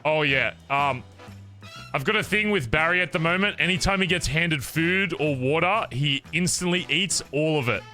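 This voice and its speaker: A man's voice: a little high, normal speed, pushed and bright. An Australian man chatting casually on a livestream, joking crudely and thanking viewers for subscriptions. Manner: crude, joking, reads out subs. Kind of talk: casual stream chat. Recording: faint background music.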